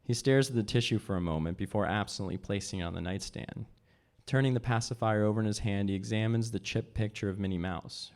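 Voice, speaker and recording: Guy reading from his book at a live event, lowish voice, measured, jumps up for the dialogue. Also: a little mellow. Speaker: author reading his novel. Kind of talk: literary reading aloud.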